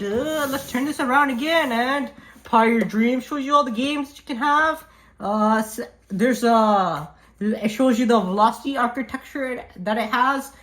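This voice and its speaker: A woman vlogging an unboxing at home, talking into a handheld camera in an excited, rambling, slangy way and laughing at herself. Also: fairly high pitch. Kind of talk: casual unboxing vlog. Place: at home by a desk. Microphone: handheld camera mic.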